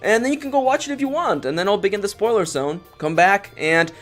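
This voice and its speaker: A young man hosting a casual anime review, ranting with exaggerated forced excitement and sarcasm. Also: sits high, fast talker, faint music behind. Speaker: anime reviewer, channel co-host.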